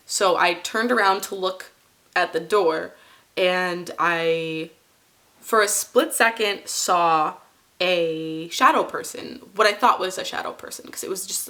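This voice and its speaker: A woman's voice: on the low side, fairly bright tone. A young woman in her twenties, casually telling a personal story to camera, rambling with many fillers and restarts.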